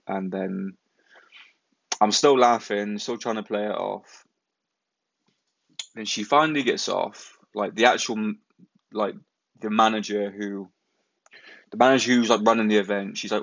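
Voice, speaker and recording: A young man with a low voice, telling a rambling, sweary story in casual chat. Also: fairly even intonation, normal speed, long pauses, a bit bright, no room sound, muffled recording. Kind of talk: casual anecdote.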